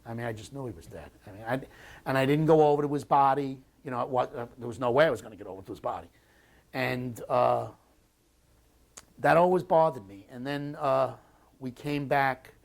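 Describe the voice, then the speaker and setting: An American man in his sixties tells his story in an oral history interview. His voice sits at an ordinary middle pitch. He speaks bluntly and swears, with halting starts and restarts. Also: vocal fry. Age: 60s. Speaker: war veteran interviewee.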